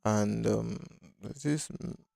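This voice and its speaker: A man's voice: on the low side, takes it slowly, vocal fry, dark tone, dry recording, clean studio sound. A man hosting a casual live-stream design tutorial, talking loosely and thinking aloud with many fillers. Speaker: design instructor.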